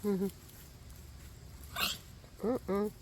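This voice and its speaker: A woman's voice: medium pitch, steady tone, drawn-out words, mellow, a little hiss or hum. A woman, filming outdoors on her backyard farm and chatting affectionately to her animals in a casual baby-talk manner.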